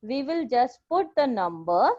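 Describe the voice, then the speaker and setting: A woman's voice: on the high side, sing-song, unhurried, dark tone. A woman with an Indian accent teaching a Japanese class, patiently drilling pronunciation and repeating each word. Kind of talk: classroom language lesson. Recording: dull lo-fi recording.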